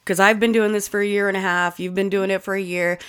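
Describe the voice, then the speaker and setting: A woman's voice: medium pitch, level tone, quick pace, a bit bright, clean tone. Foul-mouthed podcast lady in her 40s, rambling stories, casual chat. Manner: loose, profane storytelling. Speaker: podcast co-host. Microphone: studio microphone.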